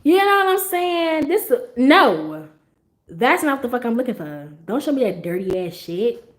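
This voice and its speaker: A woman's voice: fairly high pitch, sing-song, normal speed. A young woman hosting a livestream, chatting casually to her viewers, blunt and profane and laughing often. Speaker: livestream host.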